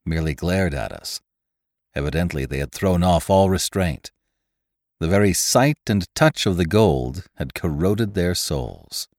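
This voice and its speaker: A man reading a classic adventure tale aloud as narrator, measured and expressive. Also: sits low, no echo, studio quality. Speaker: podcast narrator. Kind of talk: scripted audiobook narration.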